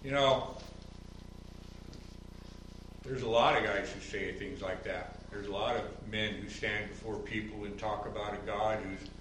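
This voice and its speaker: A man preaching in a church sanctuary, his voice bright and forceful with a roomy echo around it. He reasons quietly, then climbs into loud, high-pitched emphasis, mimicking others as he argues. He is picked up from a distance, over a faint ambient hiss. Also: fairly even intonation, measured pace, long pauses. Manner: mocking quotes in a higher voice. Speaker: pastor. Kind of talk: sermon.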